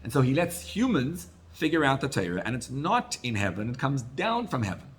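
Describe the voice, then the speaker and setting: A rabbi giving a Torah class, retelling stories with animated swings between loud and soft. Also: male voice, medium pitch, a little fast. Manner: storytelling, animated rises and drops in loudness.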